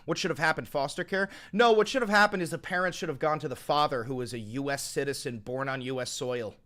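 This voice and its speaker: A man hosting a live stream, arguing with callers in a heated, profane way, swinging from calm questioning to loud outbursts. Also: on the high side, quick pace.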